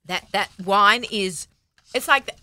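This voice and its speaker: A woman hosting a talk show in a studio, excitable and eager, exclaiming often. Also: medium pitch, unhurried. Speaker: show host. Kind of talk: casual talk show chat. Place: radio studio.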